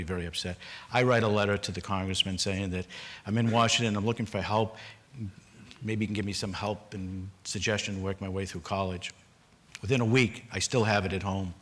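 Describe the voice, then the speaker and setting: A man's voice: deep voice, a bit bright. An older man from Boston, a panelist at a public forum, telling a personal story earnestly, with repeated restarts.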